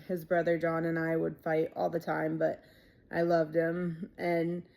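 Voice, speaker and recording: A woman in her thirties telling her own life story in a casual, halting way, with many fillers and quiet trailing asides. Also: low-pitched, creaky. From Ohio, USA.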